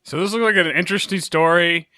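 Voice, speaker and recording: Man, movie podcast co-host, blunt, smooth clear voice, dry close sound. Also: high voice, quick pace, bright, forceful tone, no echo. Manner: blunt, self-deprecating, laughs often. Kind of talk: casual movie chat.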